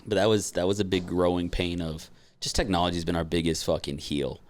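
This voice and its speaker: A man with a low, deep voice co-hosting a podcast in relaxed conversation. He talks loosely and swears often, with plenty of "um" and "like" between his thoughts. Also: brisk. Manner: loose and profane, frequent fillers. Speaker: podcast co-host. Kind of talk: casual chat.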